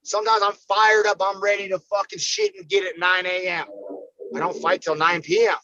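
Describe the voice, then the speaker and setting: An American man talks fast and profanely, pumping himself up as he tells stories on a podcast. His voice sits high and sounds bright and forceful. The sound is dry and a little dull. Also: expressive. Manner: profane, fired-up, emphatic. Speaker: podcast guest, fighter. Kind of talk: casual podcast chat.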